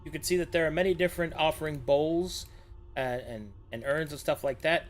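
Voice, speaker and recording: A man's voice: a little high, fairly quick, soft background music. A man narrating a tabletop game as game master, describing scenes with some fillers and restarts.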